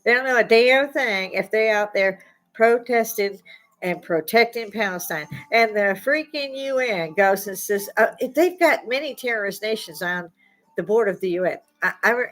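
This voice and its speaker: A woman's voice: mid-range voice, animated, normal speed, fairly bright tone, soft background music, low-quality recording. Riled-up woman in her sixties ranting. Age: 60s. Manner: blunt, profane, riled up, with rising outbursts. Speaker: vlogger. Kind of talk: ranting opinion monologue.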